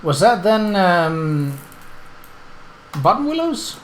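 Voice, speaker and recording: A man casually commenting on his gameplay and reading the game's text aloud, chatty and quick to correct himself. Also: high voice, big pitch swings, slight background noise. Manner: chatty, self-correcting, laughs at the game. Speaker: let's play host.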